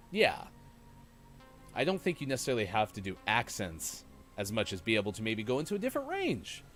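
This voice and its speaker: A male stream host with a lowish voice that swings up and down as he chats. He rambles through the chat's comments, stops to search for words, and fills gaps with "uh" and "anyway." Faint music sits in the background. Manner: rambling, animated, answers chat, many fillers. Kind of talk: live-stream gaming chat.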